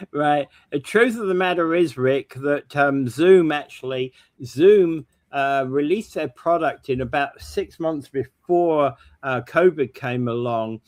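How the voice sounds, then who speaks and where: A man's voice: a little high, takes it slowly. A man co-hosting a morning talk show, explaining technology in a casual, informative way. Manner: explanatory, tech-minded. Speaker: co-host. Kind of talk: casual chat.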